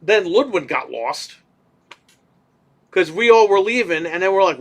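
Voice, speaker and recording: A man co-hosting a casual podcast, telling a story in an animated way, swearing casually and acting out what people said. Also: high-pitched, unhurried. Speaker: podcast co-host.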